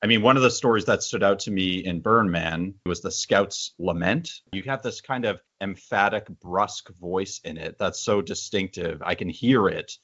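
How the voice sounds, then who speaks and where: A male interviewer asking a writer thoughtful, measured questions about his work. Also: low-pitched, a bit bright. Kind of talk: interview questions, reading a quoted passage. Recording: dull, muffled sound.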